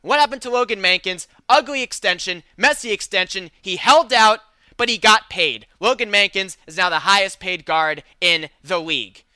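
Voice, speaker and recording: A man with a high, very bright and sharp voice hosts a sports talk show. He delivers punchy, opinionated takes. His voice is smooth and crisp, recorded dry and close. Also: moderate pace, dry recording.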